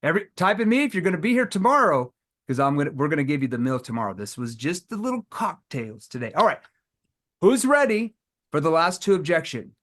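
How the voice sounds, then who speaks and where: A middle-aged man leading a live sales training, acting out sales calls with lively energy. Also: on the high side, brisk. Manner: energetic, role-plays scripted sales calls.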